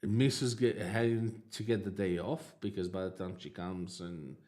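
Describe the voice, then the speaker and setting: A man's voice: deep voice, fairly even intonation, a little mellow. Man rambling through a personal anecdote. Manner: halting, lots of fillers and restarts, laughs at his own story. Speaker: livestream host. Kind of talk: casual storytelling.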